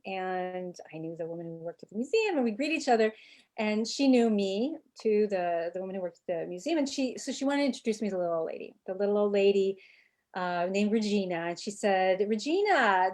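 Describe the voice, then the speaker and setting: A woman anthropologist telling a personal story on a video call, animated and often restarting her sentences. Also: mid-range voice, brisk. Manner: animated, self-interrupting storyteller. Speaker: anthropologist and author, guest.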